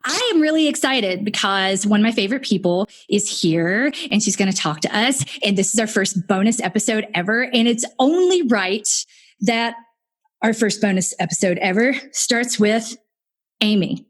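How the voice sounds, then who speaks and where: A woman hosting a podcast, chatting casually in an animated, rambling way. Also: mid-range voice, moderate pace. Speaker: podcast host. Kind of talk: casual chat.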